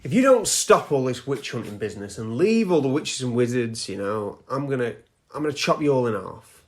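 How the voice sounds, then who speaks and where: A man's voice: medium pitch, lively intonation, fairly quick, natural voice. A man voicing an old witch turned rabbit, quoting her defiantly in a casual retelling. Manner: casual storyteller quoting her in his own voice.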